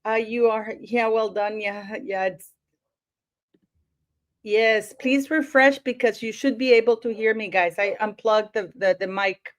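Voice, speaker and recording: Woman chatting on her livestream, kinda high voice, slow and unhurried, lots of ums. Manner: chatty, greets viewers by place, many fillers. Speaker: livestream host. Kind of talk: casual livestream chat.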